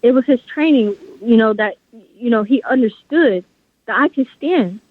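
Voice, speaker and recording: Woman, passionate and emphatic, fairly high voice, tinny phone line. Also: moderate pace, no echo. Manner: passionate, emphatic, faith-driven talk. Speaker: guest author. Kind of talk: interview over a phone line. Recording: phone-line audio, dry.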